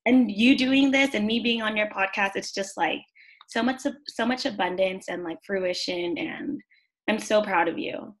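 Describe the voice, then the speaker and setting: A woman's voice: mid-range voice, moderate pace. Heartfelt woman podcast guest. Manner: warm, heartfelt, lots of "um" and "like". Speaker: podcast guest, event host. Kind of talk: casual podcast chat.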